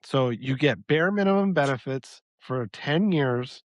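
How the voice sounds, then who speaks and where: On a podcast with no room sound, a man co-hosting a casual debate lays out a policy plan step by step, thinking aloud. His mid-range voice is expressive and a little slow, and he is losing it.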